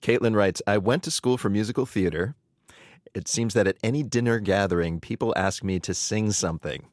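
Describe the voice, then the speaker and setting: A man's voice: lowish voice, brisk, no room sound, studio quality. A man co-hosting a radio show, wry and composed.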